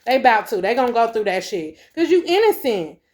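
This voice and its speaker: A woman's voice: fairly high pitch, sing-song, a little fast, darkish tone. Woman tarot reader, swears freely, repeats lines, calls everyone baby. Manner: profane, emphatic, repeats herself; calls listeners baby and collective. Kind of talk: spiritual tarot reading to viewers.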